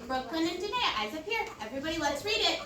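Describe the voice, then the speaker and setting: A woman's voice: extremely high pitch, big pitch swings, quick pace. A woman teacher leading a phonics lesson for a young class, prompting in a sing-song way and praising often. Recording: echoey classroom, mic far off, noisy.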